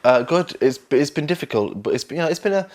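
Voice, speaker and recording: A man's voice: on the high side, lively intonation, fast talker, a little mellow. A young man with a Lancashire accent, telling stories in an unscripted interview, rambling and self-mocking. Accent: Northern English, Lancashire. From England, Burnley. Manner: rambling, self-mocking storyteller with laughs and mimicry. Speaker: actor interviewee.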